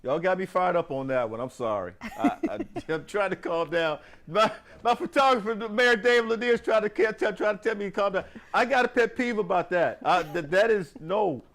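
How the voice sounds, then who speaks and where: A man's voice: sits high, normal speed, few pauses. Fired-up man ranting. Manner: animated, ranting with repeated restarts. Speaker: morning show co-host. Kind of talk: casual after-show chat.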